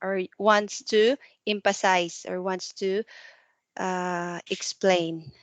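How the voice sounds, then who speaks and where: A woman tutors English one to one over a video call, asking patient questions. She explains things slowly, with some non-native grammar. Her voice sounds dry and close. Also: medium pitch, steady tone, dry recording. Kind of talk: one-to-one online English lesson.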